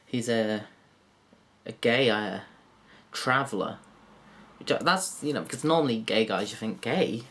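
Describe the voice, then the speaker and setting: Crude, rambling comedian. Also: male voice, a little slow, long pauses, fairly bright tone. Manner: crude, self-mocking, jumps into high silly put-on voices. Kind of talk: rambling stand-up monologue to camera.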